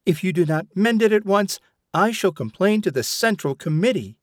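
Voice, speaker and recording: Male reader playing a petulant, complaining mother, pitched high, lively swoops, dry sound. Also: moderate pace, dry recording. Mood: indignant. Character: imperious, fretful woman, a mother.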